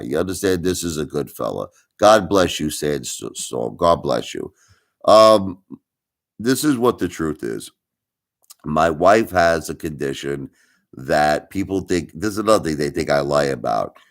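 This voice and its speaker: A middle-aged man hosting a live stream in a very deep, low voice. He talks in an insinuating way, piling up rhetorical questions and repeating himself for emphasis. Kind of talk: livestream commentary.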